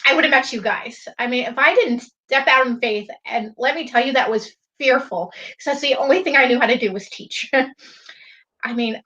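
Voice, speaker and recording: A woman's voice: fairly high pitch, pushed and bright, lo-fi sound. A woman, a former teacher, sharing her faith story in a casual chat, earnest and emotional. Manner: earnest, emotional, openly devout.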